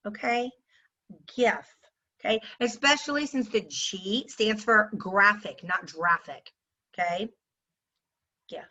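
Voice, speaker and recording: A woman's voice: mid-range voice, bright, forceful tone, lo-fi sound. A woman telling a story to her viewers in a sarcastic, indignant rant. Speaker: vlogger.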